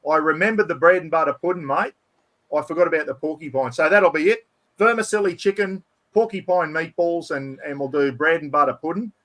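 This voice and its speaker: Chatty aussie bloke hosting, bit higher voice, rambles on excitedly. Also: male voice, brisk. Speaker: host. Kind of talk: casual chat.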